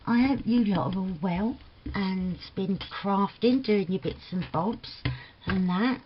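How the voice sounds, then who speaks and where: A woman's voice: medium pitch, takes it slowly. An older woman with a Cockney London accent, chatting casually and rambling through a crafting vlog, laughing often and using homely slang. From England. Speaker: crafting vlogger. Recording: slightly dull lo-fi audio with faint noise.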